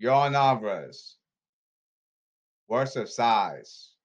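Brief: male solo podcast host, mid-pitched voice, rambling, repeats himself, emphatic stop-start delivery. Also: big pitch swings, takes it slowly, dull audio.

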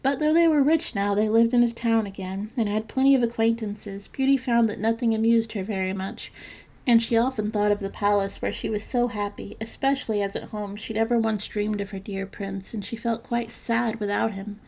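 A woman narrates a classic fairytale at a steady, measured pace. Her voice sits a little high and carries a noticeable gravelly fry. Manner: measured storybook reading. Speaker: storyteller.

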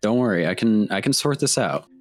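A man's voice: lowish voice, animated, a little fast, no echo, studio quality. A man playing his character in a tabletop game, talking casually and stammering now and then. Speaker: player.

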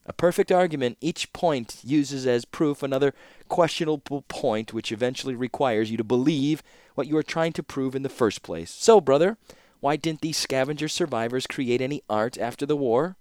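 A man reading an audiobook voices a calm, clever young scholar who speaks in a cool, measured, faintly scornful way. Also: medium pitch, no echo, studio quality, pitched above the performer's own voice, lightly acted. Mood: wry.

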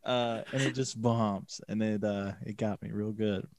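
A man co-hosting a podcast in casual chat, telling stories in a deadpan way. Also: on the low side, measured pace, background noise. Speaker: podcast co-host.

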